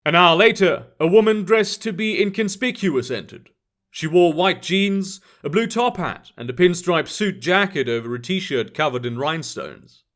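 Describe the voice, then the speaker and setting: A man narrating an urban fantasy story in an expressive scripted reading. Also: high voice, normal speed.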